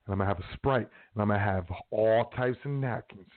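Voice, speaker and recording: A man talks in a loose, slangy way, rambling through casual advice as the host of his own show. His voice sits a little low. The sound is thin and boxy, like a phone line. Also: brisk. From South Side of Chicago.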